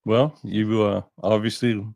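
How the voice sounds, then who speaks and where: A man's voice: lowish voice, level tone, measured pace, vocal fry, darkish tone, dry recording, studio quality. A man hosting a podcast, chatting casually and reassuring his guest. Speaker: podcast host. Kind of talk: casual interview chat.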